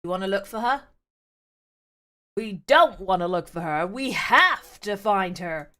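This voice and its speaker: A woman voicing a drunk, rowdy man in a pink superhero suit, talking loud and pleading. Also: medium pitch, rapid-fire, close to an everyday voice.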